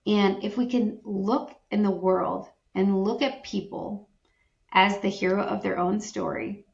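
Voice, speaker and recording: A woman speaks earnestly and reflectively as a podcast guest, and now and then she acts out the reactions of the people she quotes. Her voice has an average pitch. The room around her is roomy and echoey, and the sound is slightly dull and muffled. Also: fairly even intonation, measured pace, creaky. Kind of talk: podcast conversation.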